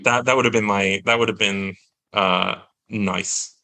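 A man's voice: lowish voice, steady tone, a little slow, creaky, bright, forceful tone, low-quality recording. A man, a guest actor, chatting on a podcast in a self-deprecating, joking way with many restarts. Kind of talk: casual podcast chat.

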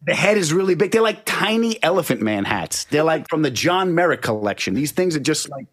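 A middle-aged man telling a funny story in a casual chat, punchy and animated. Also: fairly high pitch, a little fast, husky, no echo, clean studio sound. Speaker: comedian guest.

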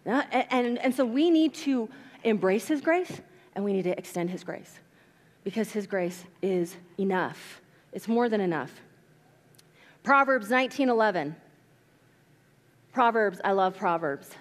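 A woman pastor preaching a sermon in a church, telling stories and acting out quotes with animated delivery. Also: mid-range voice, a little slow, pauses often. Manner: animated storytelling, acts out quotes. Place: church sanctuary. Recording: long reverb of a church hall.

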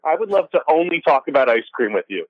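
Brief: higher-pitched male caller, deadpan jokes, dull lo-fi phone sound, dry. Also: quick pace, no echo. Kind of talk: casual comedic call-in chat. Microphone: phone line.

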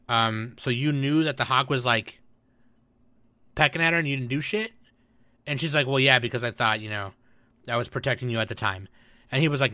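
A man's voice: medium pitch, normal speed, long pauses, bright, forceful tone, dry recording. A man co-hosting a podcast in casual chat, animatedly retelling scenes and acting out lines, swearing often. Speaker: podcast co-host.

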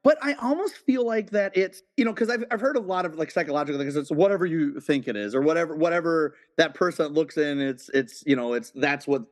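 A man talking as a podcast guest in a casual film discussion, animated and often acting out lines. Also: fairly high pitch, brisk, few pauses. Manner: animated, acts out movie lines.

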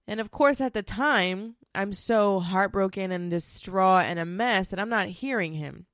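A woman's voice: mid-range voice, a little slow, hardly any pauses, fairly bright tone, dry recording, clean studio sound. A woman telling a personal story in a candid, rambling way, emotional and swearing freely, with many restarts.

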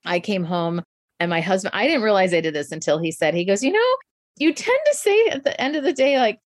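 A woman's voice: mid-range voice, very animated, fairly quick, dry recording, clean studio sound. A middle-aged woman coach speaking in an interview, thoughtful and reflective, often breaking into laughter. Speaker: guest, communication coach. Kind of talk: conversational interview.

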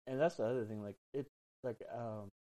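A man's voice: medium pitch, brisk, dark tone, low-quality recording. A man in the middle of his range tells a spooky tale in a loose, rambling way. He swears freely and piles on filler words as he talks. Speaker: podcast guest. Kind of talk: casual storytelling.

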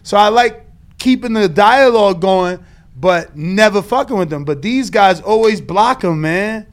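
High-voiced man in loose, profane chat. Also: expressive, a little slow. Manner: loose, profane, swings between mumbling and loud outbursts. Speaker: podcast co-host. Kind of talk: casual chat.

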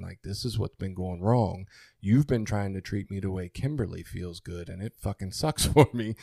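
A man's voice: on the low side, mellow, no echo, studio quality. A man co-hosting a podcast, talking candidly and earnestly about his relationship, swearing freely. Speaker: podcast co-host. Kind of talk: candid conversational podcast talk.

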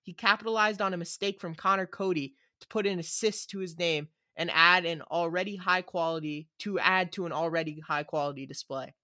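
A man's voice: high voice, steady tone, fairly quick, hardly any pauses, pushed and bright, dry recording, clean studio sound. A young man co-hosting a casual podcast, teasing his friends as he reads out player ratings.

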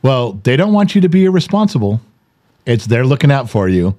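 A man's voice: mid-range voice, big pitch swings, fairly quick, mellow, lo-fi sound. A middle-aged man co-hosting a casual family podcast, sarcastic and profane, acting out the other voices in his stories. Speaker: podcast co-host, father. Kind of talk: casual chat. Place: home studio.

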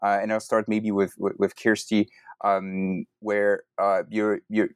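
A man interviewing authors about an academic book, talking in a halting way with many repeated words. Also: fairly low pitch, completely flat delivery, smooth, no echo.

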